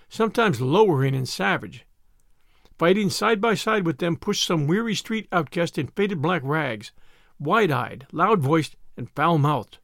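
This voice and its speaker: Dramatic male storyteller for a classic novel; high, animated voice, dry studio booth. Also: creaky, dry recording. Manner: dramatic, expressive reading. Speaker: audiobook reader. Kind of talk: scripted narration of a classic novel.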